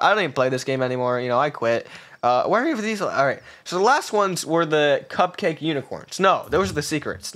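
A man doing excitable, melodramatic gameplay commentary as a gaming video creator. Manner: excitable, melodramatic, jumps to squeaky yelps. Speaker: gaming YouTuber.

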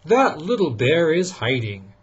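Man doing a big playful papa bear for a bedtime story; husky, loud exclamations, lo-fi. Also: a little high, very animated, measured pace, voice pushed up, heavily acted. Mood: puzzled. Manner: exclaims loudly, mock-searching. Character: big gentle father bear, puzzled and playful.

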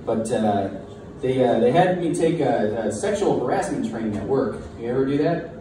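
A young man doing a halting, self-deprecating stand-up set in a bar taproom. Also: medium pitch, animated. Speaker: stand-up comedian. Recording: echoey distant room mic with crowd noise.

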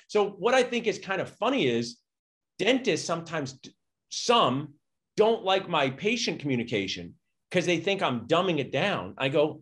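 A middle-aged man, a dentist, telling stories energetically and acting out quotes in a conversational interview. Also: normal speed. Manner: energetic, acts out quotes with big pitch jumps. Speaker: dentist and podcast guest. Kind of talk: animated storytelling conversation.

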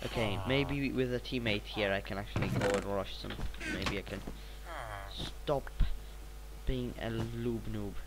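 A teenage boy, sounding a little sick, narrating his gameplay in a rambling, excitable way with sudden bursts of repeated exclamations. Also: lowish voice, unhurried, noisy background. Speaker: gaming channel host. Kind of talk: gameplay commentary.

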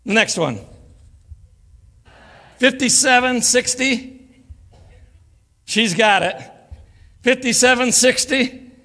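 A man's voice: very high-pitched, takes it slowly, pauses often, sharp tone. An older man giving a folksy, joking sermon as a guest preacher, acting out quoted voices. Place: church sanctuary. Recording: church live stream with long reverb.

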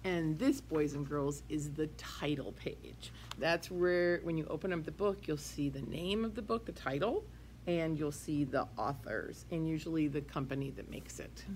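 A woman preschool teacher reading a picture book aloud to young children, in an animated sing-song way with hushed whispered asides. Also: low voice, moderate pace, slight background noise.

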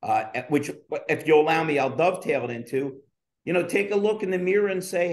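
A man's voice: fairly high pitch, a little fast. A middle-aged man co-hosting a casual chat, who talks in a rhetorical, coaching tone. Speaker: podcast co-host.

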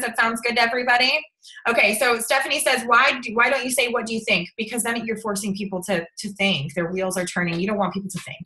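A woman's voice: fairly high pitch, pushed and bright, rough recording. Bubbly woman coaching a sales team. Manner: bubbly, chatty, keeps checking in with "okay?". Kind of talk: casual coaching livestream.

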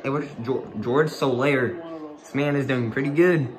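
A young man talks slowly, stumbling and repeating himself as a sports fan reacting live. He keeps saying he can't talk, and his words come out in broken bursts. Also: medium pitch, a crowd in the background. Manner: breathless, stammering, repeats "bro" and "oh my gosh".

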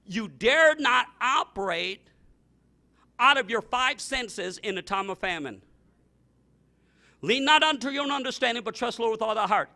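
A middle-aged male pastor preaching a fervent sermon, repeating himself and breaking into sudden loud outbursts. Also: very high voice, lively intonation, moderate pace, pauses often.

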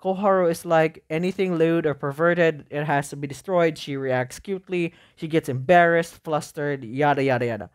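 A gaming YouTuber giving rambling, excitable let's-play commentary, full of fillers. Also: medium pitch, normal speed, few pauses.

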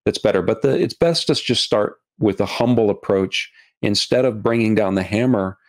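A middle-aged man, a documentary filmmaker as a podcast guest, talking earnestly and haltingly, often restarting and repeating words. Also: on the low side. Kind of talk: podcast interview.

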